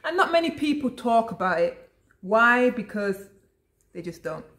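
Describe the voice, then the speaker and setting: A woman's voice: on the high side, big pitch swings, a little slow, fairly bright tone. A woman vlogger chatting casually to camera, calling her viewers "guys" and often restarting her sentences. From lives abroad in Italy. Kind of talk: casual vlog chat to camera.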